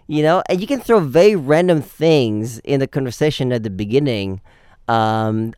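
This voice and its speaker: Young male dating coach, playful and animated, clean dry close sound. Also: medium pitch, smooth, no room sound. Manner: animated, acts out phone calls with playful voices. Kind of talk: casual podcast advice.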